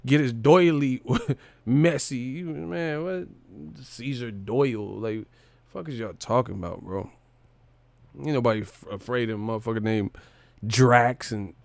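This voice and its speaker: A man's voice: mid-range voice, gravelly, darkish tone, dry recording. A man hosting a livestream, reacting in casual, profane commentary with frequent incredulous laughter. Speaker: livestream host.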